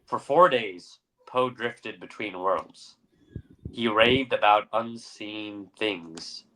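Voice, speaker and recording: A man's voice: lowish voice, slow, sharp tone. A young adult man co-hosting a podcast, narrating a story dramatically and then chatting casually with fillers. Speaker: podcast co-host. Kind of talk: story reading and casual chat.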